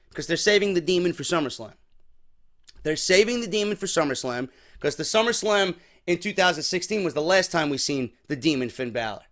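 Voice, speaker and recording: A man from New York recaps a wrestling show in a casual, opinionated way, high-pitched for a man. He talks bluntly, swears freely and gets animated about what he thinks.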